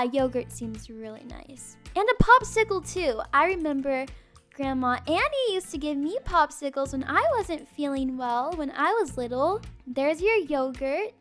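A young woman with a very high, bright voice runs a playful game roleplay as a mom. She talks slowly, slipping from cooing baby talk into chatty commentary. Her tone stays lively and animated throughout.

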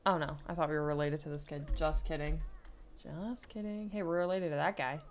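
A woman's voice: sits low, steady tone, fast talker, a little hiss or hum. A young woman giving casual let's play commentary, playfully bossing around the characters in her game. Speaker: gaming YouTuber.

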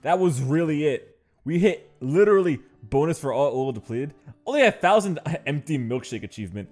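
A man's voice: fairly high pitch, lively intonation, fairly quick, a little mellow, faint music behind. A man giving casual let's-play commentary on a game, joking and playfully mock-angry as he bosses his in-game workers around. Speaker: gaming channel host.

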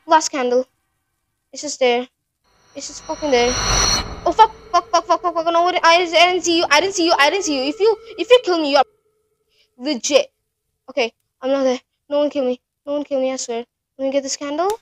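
A woman's voice: high-pitched, brisk. A woman narrating her own horror game playthrough, panicky and swearing, talking straight to her viewers. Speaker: gaming channel host.

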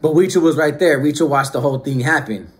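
Fast-talking and slangy, a man from Northern California with a higher voice looks back on his youth in casual storytelling to camera, dropping to hushed asides, then rising into raised bursts.

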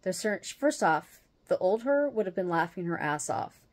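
A woman hosting her own show, telling a personal story in a casual, animated way and laughing as she goes. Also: fairly low pitch, normal speed. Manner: animated, acts out the other people's lines as she retells them; laughs often while telling. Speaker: host.

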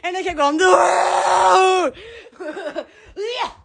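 A woman's voice: very high voice, sing-song, unhurried, slight background noise. Shrieking, giddy woman. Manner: loud, giddy, laughing and shrieking. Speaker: live-stream host. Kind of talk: comedic live-stream chatter.

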